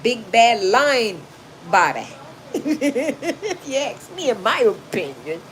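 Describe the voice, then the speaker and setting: A woman hosting a casual livestream, telling stories straight to her viewers in a loud, animated voice that swings widely in pitch. She talks in a chatty, familiar way. A steady hiss of background noise sits under her webcam audio. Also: takes it slowly. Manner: animated, loud, talks straight to the audience and calls them y'all. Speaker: livestream host reading chat comments. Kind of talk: casual storytelling to a livestream audience. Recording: noisy home livestream.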